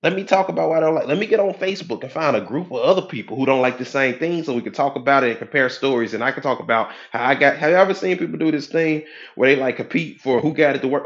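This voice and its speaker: A man giving a preachy, animated motivational talk as a life coach, acting out the voices of people he quotes. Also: mid-range voice, quick pace, lo-fi sound. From United States.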